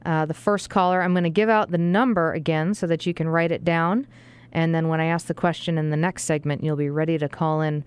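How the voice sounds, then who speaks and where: Low-voiced woman radio host. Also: fairly even intonation, brisk, smooth. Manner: friendly, with frequent fillers. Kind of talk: talk radio hosting.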